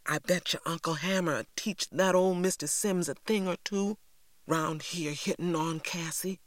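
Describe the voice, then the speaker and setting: A woman's voice: lowish voice, steady tone, a little slow, dry recording, voice pushed up, close to an everyday voice. A woman voicing a small boy in an audiobook, talking with an ominous, cocky edge. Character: small, boastful Southern boy.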